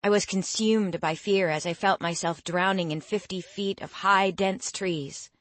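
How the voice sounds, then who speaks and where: A woman reading a fantasy story aloud in first person, measured and expressive. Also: medium pitch, dry recording. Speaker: audiobook narrator. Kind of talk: scripted first-person narration.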